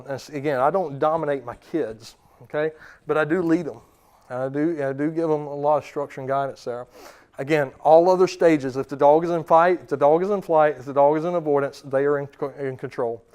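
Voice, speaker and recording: Brief: male dog trainer lecturing clients, casual and repetitive, fairly high voice. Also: a little mellow, clear, resonant tone. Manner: conversational, repeats words, often checks in with "okay?".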